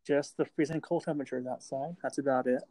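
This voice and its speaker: A man's voice: medium pitch, steady tone, fast talker, warm tone, dry recording. A man hosting a podcast in casual chat, repeating himself while checking the picks. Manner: chatty, repeats words while checking facts. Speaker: podcast host.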